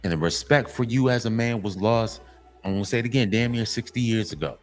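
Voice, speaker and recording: A man's voice: lowish voice, a little fast, faint music behind. A man hosting his own commentary channel, giving a blunt, profane monologue to men and repeating his points for emphasis. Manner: emphatic and repetitive, lecturing.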